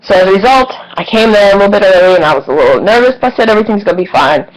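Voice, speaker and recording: A woman vlogger recounts a personal story in a frank, casual way. Her voice sits in a middle pitch, and she swears freely. She acts out the lines of the people in the story as she goes. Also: very fast, poor audio. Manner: candid, swearing, animated retelling with quoted voices.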